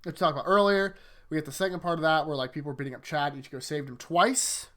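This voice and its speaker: A man's voice: on the high side, quick pace. A man hosting an anime rewatch, recapping episodes in a rambling, casual way full of fillers. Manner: rambling, filler-heavy, animated retelling.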